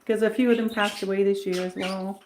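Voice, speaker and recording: A woman's voice: mid-range voice, steady tone, fairly quick. Chatty woman among chirping birds. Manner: chatty, rambling, coos at her birds. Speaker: pet channel host. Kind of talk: casual livestream chat. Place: indoor bird room. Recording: clear bird noise in the background. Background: birds chirping and squawking.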